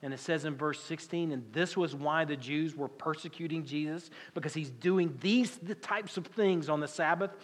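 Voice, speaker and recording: Man, Southern US accent, pastor preaching, folksy and conversational, rhetorical questions, slightly high voice, long church reverb. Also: normal speed, few pauses. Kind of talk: sermon. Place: church sanctuary.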